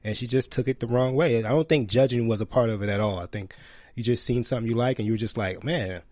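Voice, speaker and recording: A man's voice: mid-range voice, fast talker, a little mellow, dry recording, clean studio sound. A man co-hosting a podcast in casual chat, easygoing and agreeable, joking about his own English. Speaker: podcast co-host.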